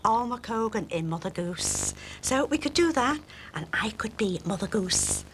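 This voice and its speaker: An actress playing a kindly widow who is easily thrilled. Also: female voice, a little high, lively intonation, moderate pace, slight background noise, natural voice. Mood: eager. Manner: warm-hearted, easily thrilled. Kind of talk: TV soap acting.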